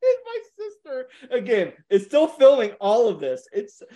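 A man's voice: very high voice, wildly swooping pitch, unhurried, dark tone. A young man co-hosting a podcast, telling a story in a casual way, with joking asides and frequent laughter. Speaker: podcast co-host.

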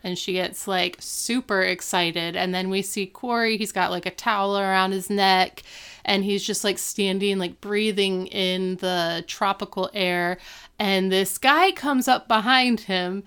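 A woman's voice: medium pitch, normal speed, a bit bright, clean tone. A woman co-hosting a podcast, casually recapping a TV episode, chatty with many "like"s and lightly acting out quotes. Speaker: podcast co-host.

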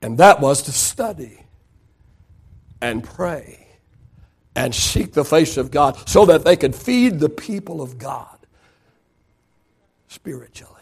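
High-voiced preacher, pastor. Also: male voice, animated, slow pace, long pauses, darkish tone, slightly rough. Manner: preaching with rising emphasis and rhetorical questions. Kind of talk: sermon.

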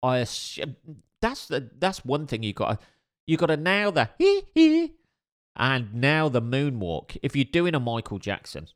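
A man's voice: mid-range voice, expressive, moderate pace, fairly bright tone. A man telling a story in casual chat, wry and rambling, with many fillers and restarts. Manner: dry, wry humor.

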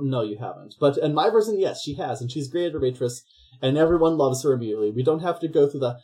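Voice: medium pitch, fast talker. A podcast host rambling through a comedic film recap, stopping to act out the characters. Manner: rambling, animated storytelling with voices.

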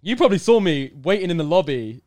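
A man's voice: a little high, fast, no room sound, clean studio sound. A young man from the United Kingdom, telling a long story in a casual interview and acting out the people in it. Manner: animated storyteller, acts out quotes, bursts into loud excitement. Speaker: podcast guest.

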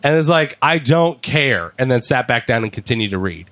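A man chatting casually, retelling events with lively acted-out quotes as a podcast host. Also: medium pitch, fast talker, no echo. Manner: animated storyteller, acts out quotes. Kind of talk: casual chat recapping wrestling.

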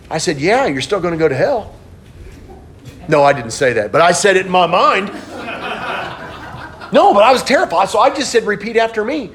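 A middle-aged male pastor delivers a sermon in a fairly high voice, dropping quiet and low for a story, then rising loud and animated. A faint rumble of noise sits under the recording. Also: normal speed, pauses often. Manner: storytelling, swings between hushed and animated.

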